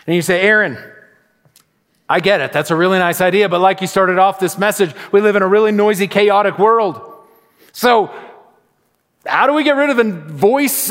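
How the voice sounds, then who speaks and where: A middle-aged man preaching a sermon as pastor, telling stories and acting out little asides in an animated way. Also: fairly high pitch. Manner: animated storytelling with acted-out asides. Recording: long reverb of a large hall.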